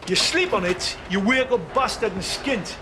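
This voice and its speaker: A man's voice: sits high, moderate pace, background noise, lightly acted. An actor with a Geordie accent playing a brash, pushy working man in a TV drama. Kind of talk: TV drama acting.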